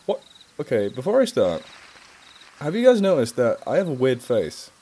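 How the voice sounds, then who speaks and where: Chatty English man, lively pitch. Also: moderate pace, breathy edge. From England. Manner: chatty and rambling, self-mocking, laughs often. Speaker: charity live streamer. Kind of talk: casual live stream chat.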